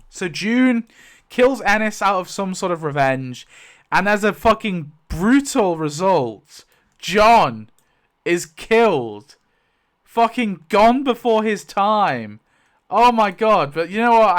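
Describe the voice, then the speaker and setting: A man giving casual, animated commentary as he rewrites a story, thinking aloud, swearing and exclaiming in mock outrage. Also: high voice, clean tone. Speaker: YouTube creator.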